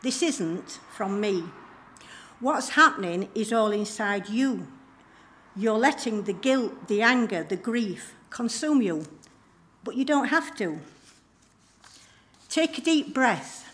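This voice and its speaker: A woman reading as a gently soothing Jesus. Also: on the high side, expressive, slow, pauses often. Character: calm, reassuring adult male Jesus.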